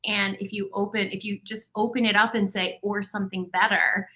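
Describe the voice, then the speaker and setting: Bright-voiced woman host, super encouraging, recaps what the guest says. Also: medium pitch, little pitch movement, moderate pace, rough recording. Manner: enthusiastic, affirming, sums up the guest's points. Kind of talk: casual conversation.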